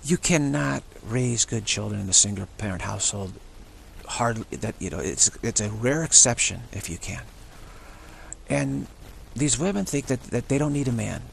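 A man's voice: medium pitch, animated, normal speed, vocal fry, a little hiss or hum. A man talking in an unscripted, rambling monologue, often restarting and repeating words. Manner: acts out short quoted voices of others. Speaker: spiritual channel host.

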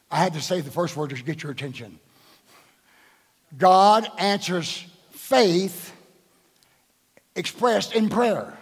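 A man's voice: on the high side, husky. An older man, a bishop, preaching a sermon at a live church service and quizzing the congregation with rhetorical questions. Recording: echoing church hall.

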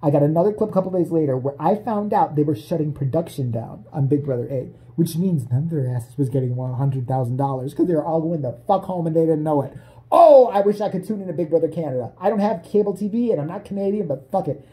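A man ranting in a casual, comedic way, with lots of swearing and frequent laughter. His voice is mellow and dark, and he keeps breaking into silly voices. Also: a little high, lively intonation, fast. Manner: profane, laughing, jumps into voices. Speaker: vlogger.

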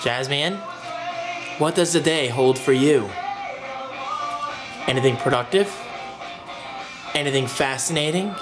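Young man, casual home vlog, jokey, chatty, talks to his dogs, mid pitch, music playing behind. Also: unhurried, long pauses. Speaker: vlogger. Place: home, moving room to room. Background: music playing from his phone.

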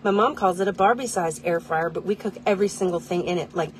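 A woman vlogging a chatty product demo from inside a tiny car, rambling, self-deprecating and easily excited. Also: lowish voice, fast, slight background noise.

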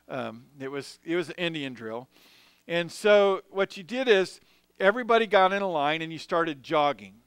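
Bright, clear-voiced male preacher. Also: a little high, dry recording. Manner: storytelling, animated, chuckles between anecdotes. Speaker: pastor. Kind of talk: sermon with personal stories. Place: church sanctuary.

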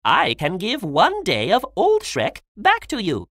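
A woman's voice: mid-range voice, wildly swooping pitch, unhurried, a bit bright, no room sound, studio quality, pitched above the performer's own voice, full character voice. A woman voicing a sly, scheming male trickster in a storybook, pushing a bad deal. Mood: wheedling.

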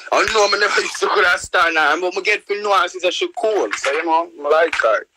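A young man with a Jamaican accent, live-streaming a profane, loud-mouthed rant in patois. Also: sits high, a little fast, noisy background. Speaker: livestreamer.

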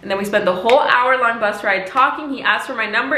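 A woman's voice: on the high side, quick pace, sharp tone, slight background noise. A woman in her twenties giving casual, emphatic advice in a chatty vlog, often repeating herself. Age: 20s. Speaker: lifestyle vlogger. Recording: echoey room.

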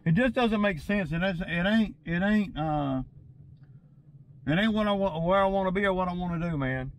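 Lawn-care boss, higher-pitched man's voice, venting to camera in a rambling, agitated way, with faint outdoor noise behind him. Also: normal speed, poor audio. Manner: agitated, rambling, stumbles and repeats himself. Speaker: lawn care business owner. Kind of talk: casual vlog rant to viewers.

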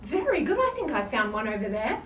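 A woman with an Australian accent teaches an online yoga class for toddlers in a fairly high, somewhat bright voice, a little fast and sing-song. She's playful and gives big gasps of surprise. The mic is distant and roomy with faint ambience.

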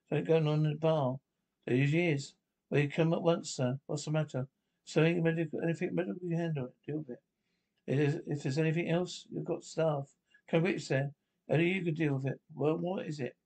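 A man reading every part of a film comedy script aloud himself, brisk and lightly comic. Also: fairly high pitch, steady tone, creaky, a little mellow. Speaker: script reader.

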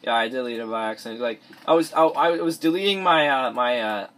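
Animated and brisk, a teenage boy with a mid-range, slightly bright male voice talks through let's play gameplay in his bedroom. His commentary rambles, with many restarts and mumbled asides, captured on a cheap or device mic.

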